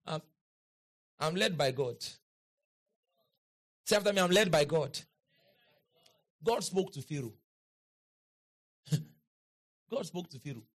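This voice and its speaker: A man preaching a sermon in an auditorium, leading the crowd in call-and-response and building to shouts and chants. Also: high-pitched. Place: large auditorium.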